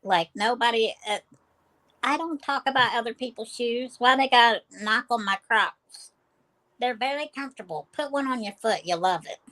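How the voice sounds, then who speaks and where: A woman's voice: fairly high pitch, moderate pace, fairly bright tone. A woman co-hosting a podcast in casual chat, playful and a little defensive. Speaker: podcast co-host.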